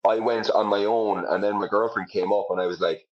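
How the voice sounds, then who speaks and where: A man's voice: lowish voice, steady tone, brisk, dull audio. A young Irish man, a comedian, chatting casually in an interview, self-deprecating, with lots of fillers. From Ireland. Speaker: comedian guest.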